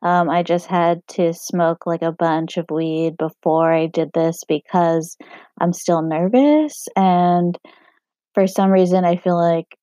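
A young woman talking on her own podcast in a casual, rambling way, full of "um" and "like", her throat hoarse and scratchy. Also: fairly low pitch, steady tone, slow, warm tone, no room sound. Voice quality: husky. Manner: meandering, lots of fillers like "um" and "like". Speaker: podcast host. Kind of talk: casual solo podcast talk. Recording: dry, muffled home recording.

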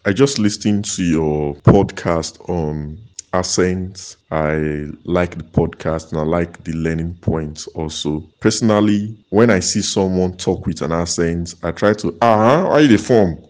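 A man's voice: low voice, steady tone, unhurried, few pauses, a little mellow. A man with a Nigerian accent leaving reflective feedback on a podcast, slipping into Nigerian Pidgin. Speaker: listener giving feedback. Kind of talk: casual voice note.

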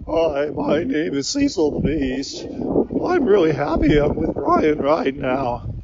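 A man voicing a naive, earnest stuffed beast with a slow, drawn-out, sing-song voice, recorded lo-fi outdoors with wind noise. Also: on the high side, wildly swooping pitch, creaky, full character voice. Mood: cheerful.

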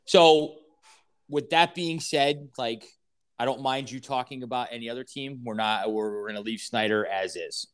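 A man's voice: mid-range voice, moderate pace, a bit bright, smooth. A man hosting a podcast, blunt and pushy, swearing casually. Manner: blunt, swears, pushes guest to talk. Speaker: podcast host. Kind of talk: casual interview.

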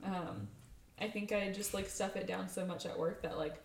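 A woman's voice: medium pitch, moderate pace, gravelly, crowd noise. A woman co-hosting a casual podcast chat, frank and chatty, full of "like" fillers and the odd swear. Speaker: podcast co-host. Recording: echoey room, distant mic, background noise.

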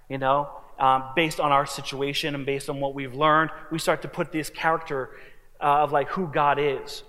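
A man's voice: a little high, a bit bright, in a large hall. A young man from New Jersey preaching a sermon in a conversational way, with casual fillers. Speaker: pastor. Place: church.

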